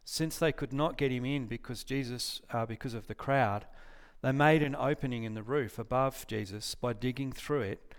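A man's voice: medium pitch, normal speed, hardly any pauses, clear, resonant tone. A man preaching a casual sermon, reading scripture aloud, often restarting and correcting himself and putting questions to his listeners. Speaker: pastor.

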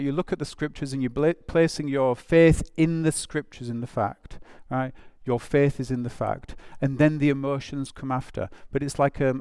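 A man delivers a sermon in an easy, conversational way, his voice sitting a little high. He keeps slipping into casual asides and acting out little quoted exchanges. The sound is dry and close, with no room around it. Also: clear, resonant tone, dry recording. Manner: informal, with frequent "it's like" asides and acted-out quotes. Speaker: preacher.

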